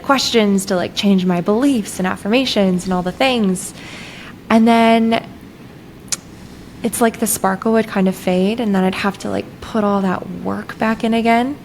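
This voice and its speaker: Animated woman telling a story. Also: mid-range voice, a little hiss or hum, rough recording. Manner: animated, frequent "like" fillers. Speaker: guest, breathwork facilitator. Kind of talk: conversational storytelling.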